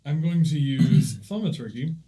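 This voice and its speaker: A man's voice: mid-range voice, moderate pace, dark tone. A man playing a tabletop game, hesitant and often laughing. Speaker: player. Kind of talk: casual tabletop play.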